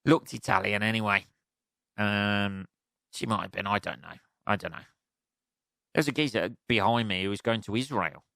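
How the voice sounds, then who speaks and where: A man's voice: on the low side, moderate pace, vocal fry, pauses often, a bit bright, dry recording. An English man hosting his own podcast, ranting alone in a loose, sweary, rambling way and mocking other people's voices. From England. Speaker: podcast host. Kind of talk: solo comedic rant.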